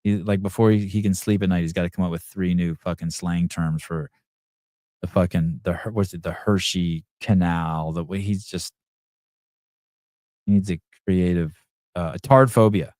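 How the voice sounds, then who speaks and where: A man's voice: deep voice, steady tone, moderate pace, a little mellow, dry recording, clean studio sound. A middle-aged man hosting a podcast, rambling crudely and profanely while reading out chat comments. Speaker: podcast host. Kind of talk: crude off-the-cuff livestream chat.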